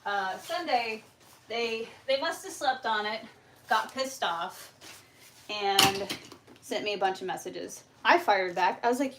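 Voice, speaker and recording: A young woman hosting a homestead livestream, telling a story in a casual, animated way, swearing and acting out the exchanges. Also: medium pitch, normal speed. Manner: animated, profane, acts out quoted exchanges. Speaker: homestead channel host.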